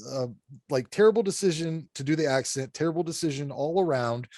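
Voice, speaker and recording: A man's voice: on the high side, warm tone, no room sound. Blunt, swearing man ranting in a dry room. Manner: blunt, ranting, swears often, quick laughs. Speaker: podcast co-host reviewing horror films. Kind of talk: casual profane chat.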